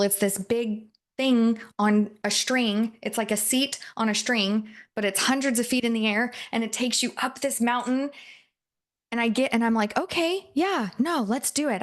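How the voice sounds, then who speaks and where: High-voiced woman coaching a live audience. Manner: chatty storyteller, keeps checking in with the audience. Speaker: NLP and hypnosis coach.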